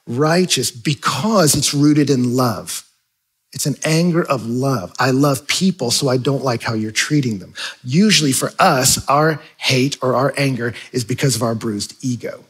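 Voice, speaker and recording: A male pastor preaching a sermon in a conversational, animated way, acting out quick asides. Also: on the high side, breathy edge, poor audio.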